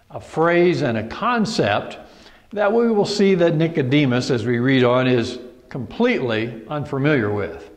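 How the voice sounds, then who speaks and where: A man preaching a sermon, reading scripture slowly and deliberately with emphatic pauses. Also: fairly high pitch, big-room sound.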